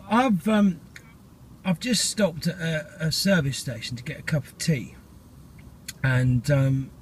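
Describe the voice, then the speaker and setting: A man's voice: fairly high pitch, a little hiss or hum. A middle-aged man, talking in a casual, rambling vlog monologue full of fillers and restarts.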